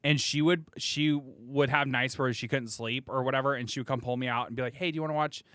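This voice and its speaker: A man's voice: mid-range voice, fairly even intonation, fast, a bit bright, dry recording. A young man hosting a casual podcast chat, laughing often and swearing freely. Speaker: podcast host.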